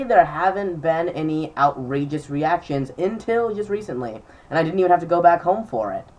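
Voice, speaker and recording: A man's voice: on the high side, recorded from a distance. A young man in casual chat to camera, telling stories with lots of fillers. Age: young adult. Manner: chatty storytelling with many fillers. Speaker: vlogger.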